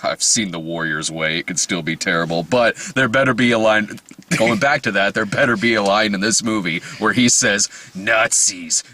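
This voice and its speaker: A man's voice: fairly low pitch, brisk, sharp tone, a little hiss or hum. A man co-hosting a casual movie podcast, talking in a profane, rambling way and often cutting himself off. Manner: profane, rambling, self-interrupting. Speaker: podcast co-host. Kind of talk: casual movie-trailer chat.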